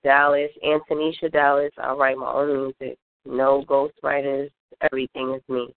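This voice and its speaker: A woman's voice: rumbling low, little pitch movement, moderate pace, no echo. Rapper woman on a tinny phone line. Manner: earnest and upbeat, lists things fondly. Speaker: guest rapper. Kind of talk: interview answers.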